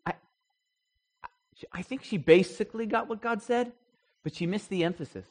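Casual male Bible study leader with a slightly higher voice who quizzes the group and often restarts his sentences. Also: normal speed. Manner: conversational, poses questions to the group, frequent restarts. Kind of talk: interactive Bible study teaching.

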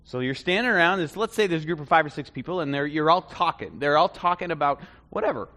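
A man preaching a conversational sermon, swinging between loud bursts and hushed asides. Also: fairly high pitch, expressive, fast. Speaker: pastor.

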